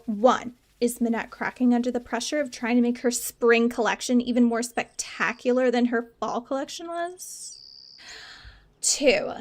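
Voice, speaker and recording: A young adult woman streaming a game, joking, rambling and teasing herself in casual commentary. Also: fairly high pitch. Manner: jokey, self-mocking, rambling.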